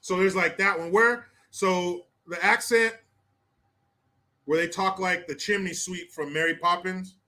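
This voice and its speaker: Man with a high, bright crude laugh. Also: fairly even intonation, measured pace. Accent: American. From United States. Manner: crude, laughing, mocking banter. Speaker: host. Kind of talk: livestream reading chat comments.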